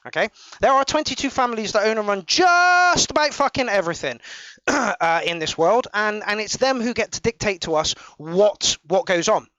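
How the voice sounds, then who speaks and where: Brief: male host, high-pitched, angry sweary rants, stop-start delivery, dull dry lo-fi mic. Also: animated, pushed and bright, no echo. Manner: sweary, ranting, halting restarts. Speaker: podcast host reviewing songs. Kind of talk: casual live review chat.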